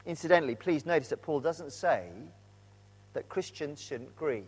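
A man preaching a sermon, earnest and animated, dropping to a hush at moments. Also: a little high, moderate pace, husky. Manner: earnest, animated storytelling with sudden drops to a hush. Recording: long hall reverb.

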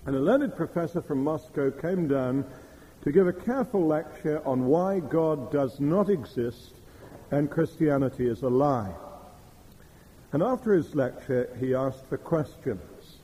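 A middle-aged man preaching a sermon, telling stories in a measured way. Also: fairly high pitch, lively intonation, warm tone, low-quality recording. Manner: measured storytelling with quoted Russian phrases.

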